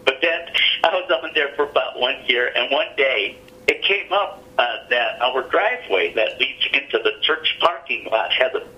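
A man's voice: mid-range voice, expressive, moderate pace, highs cut off. A middle-aged man, an interview guest, telling a personal story in an earnest, plainspoken way.

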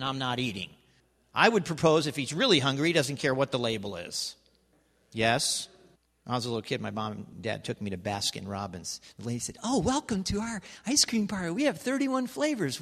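A male pastor preaching a sermon in a church, animated and constantly prompting the congregation with questions and "okay?". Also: fairly high pitch. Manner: animated, calls for congregation response, repeats "okay?". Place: church sanctuary. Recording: reverberant church hall.

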